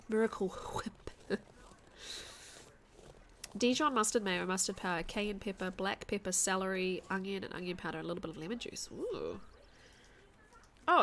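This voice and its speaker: A woman's voice: medium pitch, animated, normal speed, long pauses. A woman with a mild New Zealand accent talks her way through a live game stream, answering chat and musing over her next moves. Her voice sits in an ordinary middle register, and a faint hum of room ambience lingers behind her. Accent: New Zealand, soft. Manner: chatty, reads chat aloud, thinks out loud. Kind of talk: casual live gaming chat.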